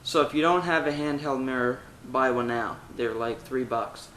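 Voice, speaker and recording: A man's voice: mid-range voice, moderate pace, reverberant, slight background noise, poor audio. A man teaching a vocal technique lesson, talking through exercises step by step. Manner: demonstrates exercises with loud sung vowels and meows. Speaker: singing teacher.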